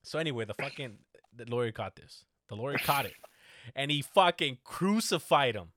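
A man's voice: mid-range voice, animated, normal speed, fairly bright tone, a little hiss or hum. A man in casual talk, telling a story animatedly, swearing often and acting out the quotes. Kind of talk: casual podcast chat.

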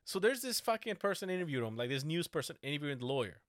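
Animated swearing man telling a story. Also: on the high side, rapid-fire, dry recording, clean studio sound. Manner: animated storyteller, swears often, acts out quotes. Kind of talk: casual podcast chat.

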